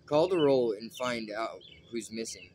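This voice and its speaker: A man's voice: medium pitch, lively intonation, measured pace, a little mellow, slight background noise, natural voice. A man reading aloud and voicing a commanding king who gives orders. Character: King Saul, commanding male king.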